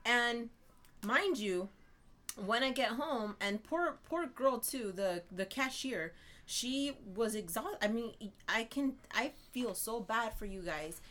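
A woman's voice: a little high, slow pace. Exasperated woman telling a story. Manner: animated, exasperated storytelling with frequent "right?". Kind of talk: casual storytelling chat.

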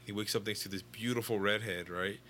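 A young man with a fairly low but bright, forceful voice, rambling through a comic book plot in loose, casual chat. He swears freely and trips over fillers and restarts. A faint hiss sits under the recording. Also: steady tone, a little fast. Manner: rambling, profane, filler-heavy storytelling. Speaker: comic book fan recapping a storyline.

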